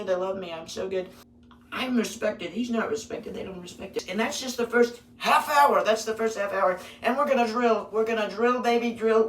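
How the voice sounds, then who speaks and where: A man voicing a boastful, rambling older male politician who repeats himself and bursts out loudly. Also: sits high, natural voice. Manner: repetitive, bragging, sudden loud bursts. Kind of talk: parody impression. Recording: roomy, distant mic with faint noise.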